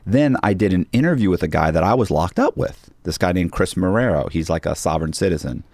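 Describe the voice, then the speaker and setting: A man with a deep, low voice tells a story in a relaxed interview, acting out each quoted line as he goes. The sound is dry and close, with no room around it. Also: fast talker, dry recording. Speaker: podcast guest.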